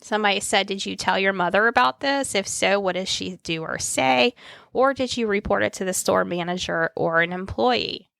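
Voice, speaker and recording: A woman's voice: medium pitch, moderate pace, gravelly, fairly bright tone, no room sound. A woman co-hosting a podcast, reading listener posts aloud and chatting casually. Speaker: podcast co-host.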